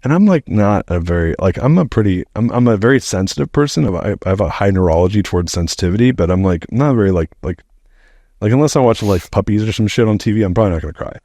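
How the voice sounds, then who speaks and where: A man's voice: on the low side, quick pace, no room sound, studio quality. A middle-aged man, a podcast guest, telling a story in a casual, rambling way, swearing freely and saying "like" often. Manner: animated, rambling, heavy use of "like", swears freely.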